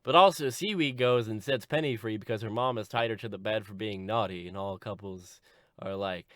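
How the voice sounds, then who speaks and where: A man giving a deadpan, sarcastic comedic plot recap as a video host. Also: brisk, no echo, studio quality. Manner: deadpan sarcastic, lively swings in pitch.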